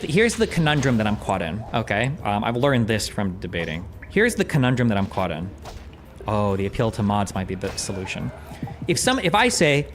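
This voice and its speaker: A man's voice: mid-range voice, big pitch swings, normal speed, faint music behind. Casual rambling man streaming commentary. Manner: rambling, self-deprecating, profane. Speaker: streamer reacting to a debate. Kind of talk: casual commentary while gaming.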